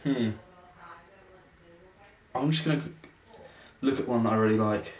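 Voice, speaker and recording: A man's voice: mid-range voice, measured pace. Distant rambling man, roomy echo. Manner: distracted, musing aloud to himself. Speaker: vlogger. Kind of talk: rambling self-talk while practising.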